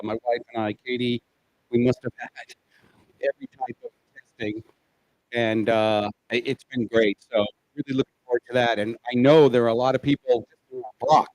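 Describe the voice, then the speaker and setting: A man's voice: medium pitch, darkish tone, no echo, low-quality recording. A man co-hosting a casual local show, chatting in an upbeat way and running through sports listings. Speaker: co-host. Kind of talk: casual chat.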